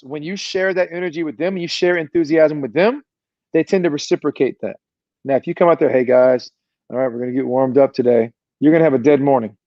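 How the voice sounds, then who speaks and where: Fired-up motivational coach, dull video-call sound. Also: male voice, fairly high pitch, dry recording. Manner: fired-up, motivational, preachy delivery. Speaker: performance coach, guest. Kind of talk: energetic podcast interview talk.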